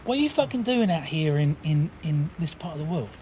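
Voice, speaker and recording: A man voicing a sleepless, unhinged male baron who speaks low in a hushed, half-whispered menace. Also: big pitch swings, fairly quick, slight background noise. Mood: irritable.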